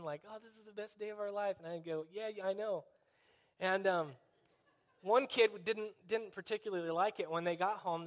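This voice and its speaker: A man preaching a conversational sermon, dropping in wry, sarcastic asides. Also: high-pitched.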